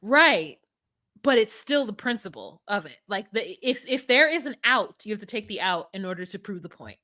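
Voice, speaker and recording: A woman co-hosting a casual podcast, animated and swearing freely, mimicking people in a mocking voice. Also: mid-range voice, normal speed. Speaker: podcast co-host recapping a reality show. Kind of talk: casual chat.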